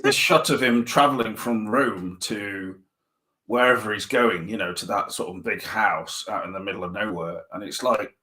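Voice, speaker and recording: A man in casual chat as a podcast co-host, blunt and dismissive with drawn-out phrasing. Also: lowish voice, bright, forceful tone, a little hiss or hum, low-quality recording.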